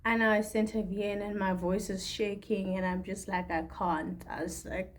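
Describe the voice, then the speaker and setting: A woman's voice: medium pitch, flat delivery, moderate pace, slight background noise. A young woman from Africa, talking through a candid, rambling personal video diary. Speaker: vlogger.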